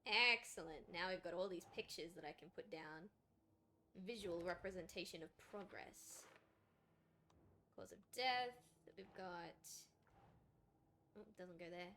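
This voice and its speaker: A woman's voice: on the low side, a little slow, long pauses, bright, forceful tone, a little hiss or hum. Chatty woman streaming a game. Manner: chatty, talks to viewers while playing. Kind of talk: casual game commentary.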